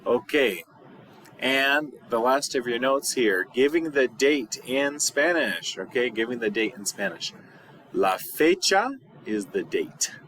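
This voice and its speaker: A man teaching a recorded video lesson as a high school Spanish teacher, patient and repeating words slowly. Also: expressive, fairly bright tone, a little hiss or hum.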